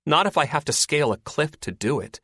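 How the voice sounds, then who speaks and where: A man's voice: a little high, expressive, a little fast, a bit bright, no echo, voice pushed up. A man voicing a stubborn woman doctor in an audiobook, dry and set in her ways.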